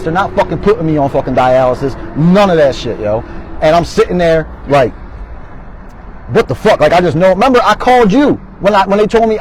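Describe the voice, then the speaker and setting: A man's voice: a little high, darkish tone, a little hiss or hum, poor audio. A man, telling his story as a guest in an interview, blunt and heavily profane. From Baltimore, Maryland. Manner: blunt, heavily profane, emphatic street talk.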